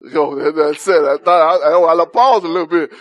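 A man leads a Bible study in a loose, conversational style, often putting questions to the group and laughing along. His voice sits fairly high. The sound is close and dry. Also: moderate pace, no room sound. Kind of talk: interactive Bible study teaching.

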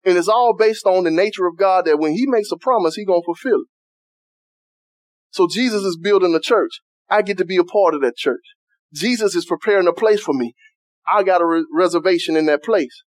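A man's voice: high voice, brisk, no room sound. A man preaching a sermon in a loose, conversational style, reading scripture and retelling it in everyday Southern vernacular.

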